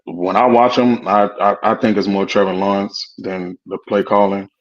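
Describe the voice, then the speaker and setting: A man guesting on a sports talk show, speaking haltingly with many fillers. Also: fairly low pitch, steady tone. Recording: dull lo-fi sound.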